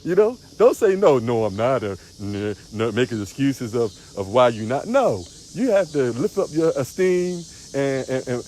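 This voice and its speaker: A man's voice: medium pitch, a little mellow, slight background noise. A man, a spiritual teacher, preaching on a livestream outdoors, repeating phrases with a sing-song emphasis.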